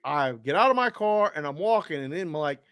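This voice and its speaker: Man, co-host, casual sports betting chat, animated and profane, fairly high voice, dry close sound. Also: fairly quick, clean tone, no room sound.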